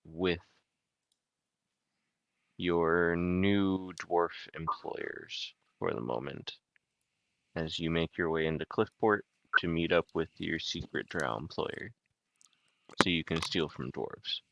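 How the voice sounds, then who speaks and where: A man's voice: deep voice, takes it slowly, vocal fry, long pauses, a bit bright, lo-fi sound. A young man running a tabletop game as game master, narrating in a laid-back way with joking asides.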